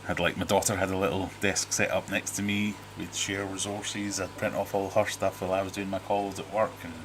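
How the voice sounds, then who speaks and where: In a flat, brisk, lowish voice, a middle-aged British man chats casually on a livestream from his home fish room, reading out viewer comments. He rambles, cracks dry jokes and restarts sentences, with a faint hiss behind him.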